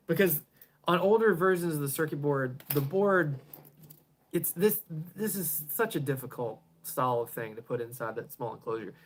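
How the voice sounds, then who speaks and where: A man building pedals and hosting a casual live stream from his garage, answering viewers in a rambling way, often chuckling and trailing off quietly at the ends of thoughts. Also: a little high, lively intonation, moderate pace, slight background noise. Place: home garage.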